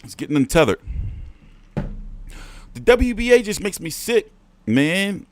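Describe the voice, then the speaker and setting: A man's voice: sing-song, slow pace. Heated, profane male boxing ranter. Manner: profane, heated ranting with swings in pitch and volume. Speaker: boxing show host. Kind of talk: livestream rant.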